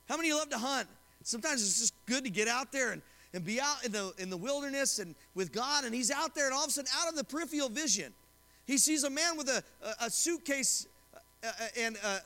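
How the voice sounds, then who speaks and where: A man's voice: very high voice, animated, a little fast, pushed and bright, in a large hall. A male pastor preaching a sermon, reading scripture and retelling a story, often asking the congregation questions. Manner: asks the congregation questions and retells stories with quoted voices. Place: church sanctuary.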